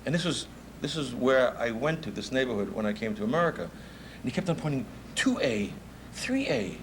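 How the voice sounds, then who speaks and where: A man's voice: medium pitch, quick pace, a little hiss or hum, rough recording. A man in his fifties with a New York accent, a music promoter telling stories in a speech and laughing often. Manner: animated storyteller, laughs often. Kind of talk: anecdotal speech.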